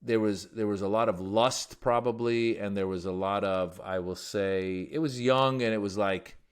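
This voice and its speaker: A man from Iran, a guest comedian, telling stories in a casual, animated way. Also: fairly low pitch, normal speed, clear, resonant tone. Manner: animated storyteller. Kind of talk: casual storytelling.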